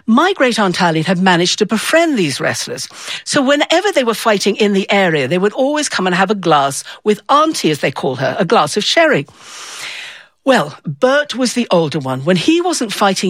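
A woman's voice: medium pitch, fairly bright tone, dry recording. A woman telling a personal story to an audience, acting out the voices of the people in it. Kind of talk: live storytelling performance.

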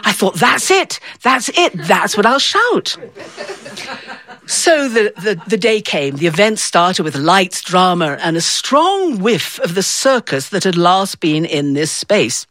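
A woman's voice: on the low side, very animated, slow, a bit bright, dry recording. A woman telling a personal story to an audience, acting out the voices of the people in it. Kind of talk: live storytelling performance.

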